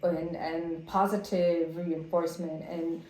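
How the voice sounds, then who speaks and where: A woman's voice: lowish voice, flat delivery, takes it slowly, a little mellow. A woman co-hosting a podcast in casual chat, blunt and emphatic, swearing to drive her points home. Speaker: podcast co-host. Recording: roomy echo.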